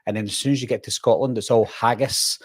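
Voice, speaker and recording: A man's voice: medium pitch, fairly even intonation, fast, slightly rough. A man hosting a podcast in casual chat, talking in a chatty way and reading out viewer comments. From United Kingdom.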